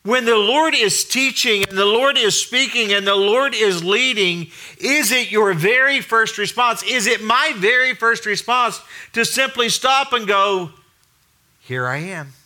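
A middle-aged male pastor preaching a sermon in a conversational way, asking the room questions and dropping quiet to stress a point. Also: very high-pitched, measured pace.

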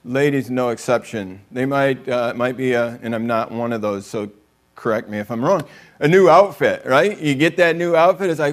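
Preaching in a chatty, joking style, this man acts out quotations in different voices as he works the room. His voice is a little high, and he keeps a moderate pace.

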